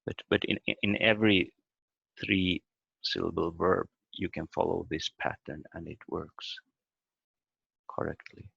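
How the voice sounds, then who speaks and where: Slow gravelly man teaching on a video call. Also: low-pitched, steady tone, a bit bright, no echo. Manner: halting, explains step by step with many fillers. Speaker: language teacher. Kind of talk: online language lesson. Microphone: computer mic on a video call. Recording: dull lo-fi video call audio.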